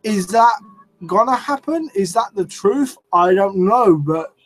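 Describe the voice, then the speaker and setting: A young man ranting casually on a live stream, excitable and swearing, rambling as he reacts to wrestling. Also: sits high, measured pace, faint music behind, poor audio.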